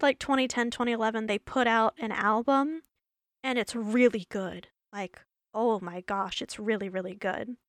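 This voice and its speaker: A woman's voice: a little high, a bit bright, clean tone, no room sound. Female podcast host, giggly rambling chat, tired worn-out voice, dry close-miked sound. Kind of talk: casual solo podcast chat.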